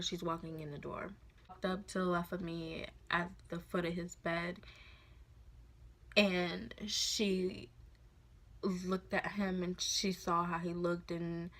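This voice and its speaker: A woman in her twenties tells a personal story in a casual vlog, speaking softly and haltingly with many fillers. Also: lowish voice. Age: 20s. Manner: soft, halting, full of fillers. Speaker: vlogger.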